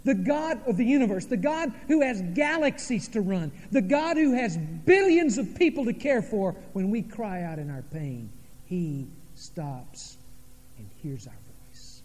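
High-voiced preacher in an echoing church. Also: male voice, big pitch swings, a little mellow. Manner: dramatic preaching, pauses and sudden drops in volume. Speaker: pastor. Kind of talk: sermon. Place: church sanctuary.

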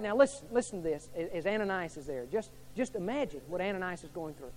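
A man preaching a sermon as pastor, swinging from hushed to loud and repeating his questions to the congregation. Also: high voice, animated, fast talker, hardly any pauses.

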